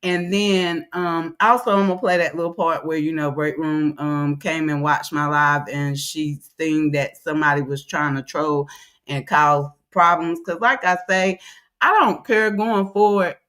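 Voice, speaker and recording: A woman's voice: deep voice, fairly even intonation, measured pace, fairly bright tone. A woman running a casual livestream, loose and chatty. She calls out viewers' names in a raised sing-song tone. In between she talks bluntly and rambles, with plenty of filler words. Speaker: livestream host.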